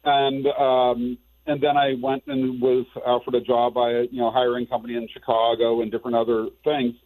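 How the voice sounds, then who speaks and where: A man's voice: medium pitch, little pitch movement, normal speed. Earnest man on a tinny phone line. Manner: earnest, rambling with restarts. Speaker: business owner guest. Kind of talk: casual panel discussion.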